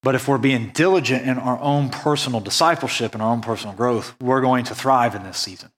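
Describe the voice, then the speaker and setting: A man from the United States preaching a sermon, earnest and conversational, slowing down to stress key points. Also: mid-range voice. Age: adult, went on a mission trip after high school. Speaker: pastor.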